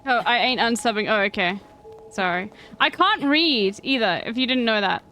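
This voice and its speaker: A young woman streams a game, chatting crudely and jokingly with her viewers in casual commentary. Her voice is a little high, expressive, pushed and bright at normal speed, in a low-quality recording with slight background noise.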